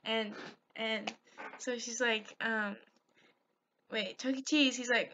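A woman's voice: on the high side, fairly even intonation, measured pace, pushed and bright, muffled recording. A woman hosting her own podcast, giggly and rambling, recapping a video with lots of fillers and swearing. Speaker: podcast host. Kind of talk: rambling solo podcast chat. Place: at home, on a call with a friend.

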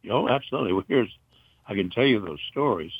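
Deep-voiced older man reminiscing. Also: expressive, slightly rough, no echo. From North Carolina. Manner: rambling, halting storyteller with fillers. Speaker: interview guest, retired broadcaster. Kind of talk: casual reminiscing. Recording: dull, muffled dry recording.

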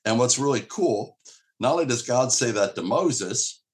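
A man's voice: mid-range voice, expressive, normal speed. A male pastor preaching an earnest, emphatic sermon, acting out quoted dialogue along the way.

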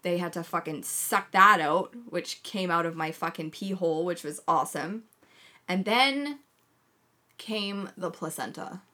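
A young woman chatting casually as a podcast co-host, telling a blunt, heavily sworn, animated story. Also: fairly low pitch, unhurried. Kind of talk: casual chat.

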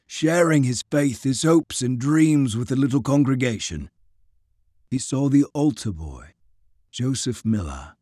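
A man narrating an audiobook in a dramatic, expressive reading. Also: medium pitch, no room sound, clean studio sound. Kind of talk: scripted narration.

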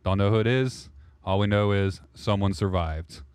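A man's voice: on the low side, normal speed, a little mellow, clear, resonant tone, no room sound, clean studio sound. A man narrating a role-play podcast as game master, loose and rambling, correcting himself as he goes.

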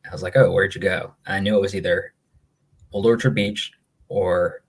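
Husky-voiced young man chatting casually. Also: sits low, steady tone, normal speed. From Maine. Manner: rambling, easygoing storyteller with many fillers. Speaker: podcast co-host. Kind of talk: casual chat.

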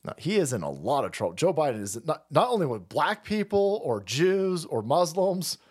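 A man's voice: fairly high pitch, very animated, normal speed, husky. A man hosting a livestream, ranting about politics in a heated, crude and mocking way and swearing constantly. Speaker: livestream host. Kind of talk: profane political rant on a livestream.

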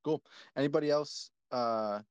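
A man hosting a casual live audio chat, relaxed and joking as he calls on speakers. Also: medium pitch, moderate pace, clear, resonant tone, no room sound. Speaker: host.

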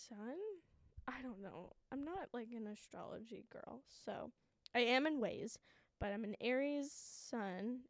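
Young woman, 20s, solo podcast host; shaky, anxious, foul-mouthed candor, slightly high voice, dry close sound. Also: dry recording. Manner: shaky, anxious and frank, swears often, laughs at herself. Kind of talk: candid solo podcast monologue.

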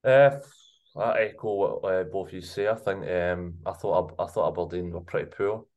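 A man co-hosting a football podcast, giving measured analysis. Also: low-pitched, steady tone, a little mellow, lo-fi sound. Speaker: podcast co-host.

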